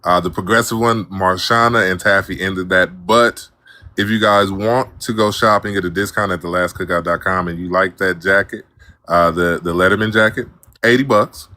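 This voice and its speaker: A man's voice: sits low, fairly even intonation, normal speed, sharp tone, no room sound. A man co-hosting a live stream, chatting casually and promoting merchandise in a friendly way. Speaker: co-host.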